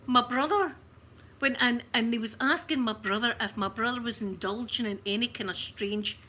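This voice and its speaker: A Scottish woman hosts a casual livestream, telling a family story in a chatty, animated way with plenty of restarts and laughter. Her voice is bright and sits a little high. A faint background hiss runs under her. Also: normal speed. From Scotland. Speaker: ASMR livestream host.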